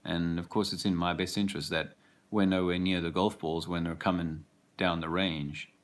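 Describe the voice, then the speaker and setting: A man's voice: low voice, level tone, normal speed. A man talking hesitantly with many fillers as he walks outdoors, reflecting in a casual vlog. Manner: rambling, hesitant, full of fillers. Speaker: father, vlogger. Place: outdoors, walking a park path.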